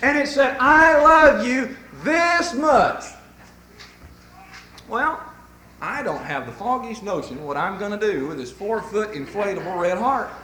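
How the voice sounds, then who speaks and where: A man preaching a sermon to a congregation, telling folksy stories in an animated way. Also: high voice, moderate pace, echoey room, slight background noise, poor audio.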